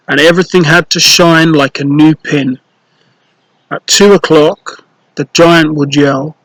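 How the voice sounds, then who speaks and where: A man reading a children's storybook aloud, slow, clear and playful, with rhymes. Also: on the high side, a bit bright, no echo, poor audio.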